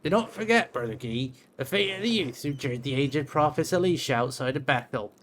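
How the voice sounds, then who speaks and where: A man's voice: on the high side, expressive, a little fast, a bit bright, a little hiss or hum. A man voicing a stern, self-righteous old male monk who speaks in solemn, preachy warnings.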